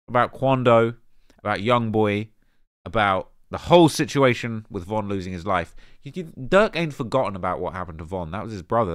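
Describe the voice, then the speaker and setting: A man hosting a rap commentary show, talking casually in slang with animated emphasis and lots of fillers. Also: on the low side, dry recording, studio quality. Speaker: host of a rap commentary channel.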